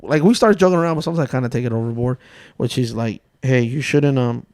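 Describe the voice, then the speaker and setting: A man's voice: medium pitch, lively intonation, racing, darkish tone, no room sound. Joking man telling family stories. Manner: joking, storytelling, swears freely. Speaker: podcast host. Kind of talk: casual chat.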